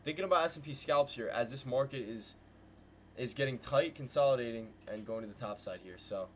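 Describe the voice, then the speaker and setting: A man at a desk mic runs live market commentary for his viewers, mid-pitched and full of hype. He calls to the chat as "guys" and "bro" and fires phrases off in repeated bursts, with a faint hiss of noise behind him. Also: fairly quick, fairly bright tone. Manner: hyped, slangy, talks to chat with "guys" and "bro". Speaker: trading livestream host. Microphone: desk mic with headphones.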